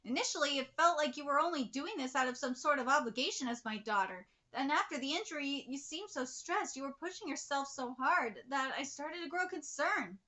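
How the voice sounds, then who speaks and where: Woman reading as a caring middle-aged dad, calm, soft, bright high voice. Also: brisk, hardly any pauses. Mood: gentle. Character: gentle middle-aged father, worried but supportive. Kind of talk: reading manga dialogue aloud.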